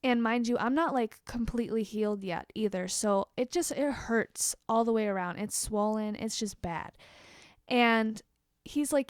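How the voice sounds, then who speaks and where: A young woman vlogger telling a storytime rant to the camera, candid and expressive, swearing freely and tossing quick asides to her viewers. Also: fairly high pitch, no echo, studio quality.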